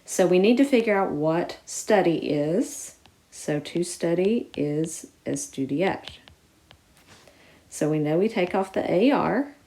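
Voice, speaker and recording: A woman with a slightly low voice teaches a lesson one step at a time. She explains clearly and patiently and stresses the important words as she goes. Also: expressive, slow pace, warm tone. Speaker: Spanish teacher. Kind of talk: recorded classroom lesson.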